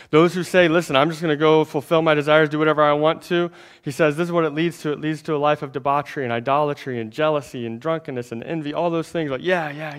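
A man preaching a sermon in a conversational way, talking straight to the congregation, repeating words and swinging between emphatic and hushed lines. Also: on the high side. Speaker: pastor.

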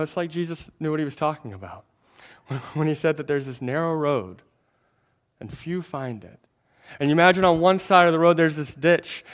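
With a voice on the high side, the pastor talks directly to his congregation in a conversational sermon. Repetition marks his speech, and his lines swing from emphatic to hushed.

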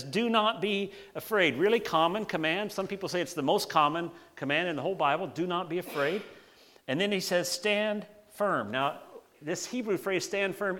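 A man preaching a sermon: he reads a scripture passage, then explains it in a relaxed, conversational way, and he often slows down to stress key words. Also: on the high side. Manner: conversational, animated preaching with slowed emphasis. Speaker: pastor.

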